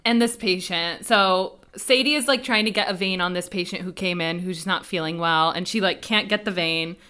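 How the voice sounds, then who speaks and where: A woman's voice: lowish voice, normal speed, bright, forceful tone, clean tone. A young woman co-hosting a casual chat, recapping a TV episode and swearing freely as she acts out the characters' lines. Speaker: podcast co-host.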